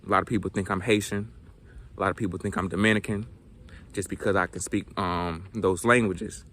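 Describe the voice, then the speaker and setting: Earnest young man with a bright voice. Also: sits low, fairly even intonation, fairly quick, slight background noise. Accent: Southern US. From South Georgia, US. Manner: earnest and reflective, many fillers and restarts. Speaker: language vlogger. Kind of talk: casual talking-to-camera vlog.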